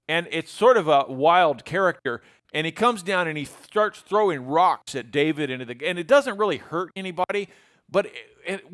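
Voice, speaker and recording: A man's voice: on the high side, a bit bright. A man giving a conversational Bible lesson. He retells scripture in a folksy, everyday way and reads old-style verses aloud. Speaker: Bible teacher.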